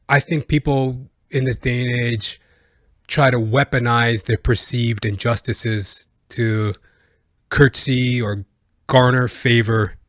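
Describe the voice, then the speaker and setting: A man's voice: medium pitch, fairly bright tone, no room sound. A man hosting a comedy podcast, reacting in a rambling, profane rant full of filler words, into a close microphone. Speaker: podcast host.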